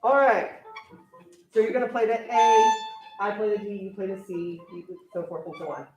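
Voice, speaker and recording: A young woman orchestra teacher directing a string rehearsal, briskly counting off and coaching her players. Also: mid-range voice, steady tone, far from the mic, music in the background. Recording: echoey room, voice from afar, strings playing.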